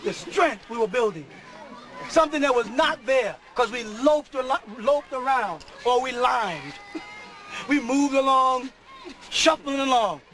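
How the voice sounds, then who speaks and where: A middle-aged man preaching a sermon to a live audience, often shouting and laughing. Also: extremely high pitch, lively intonation, measured pace, poor audio.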